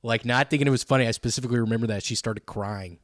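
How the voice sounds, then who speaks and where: A man's voice: mid-range voice, racing, no room sound, studio quality. Laid-back male comedian guest. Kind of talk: casual chat.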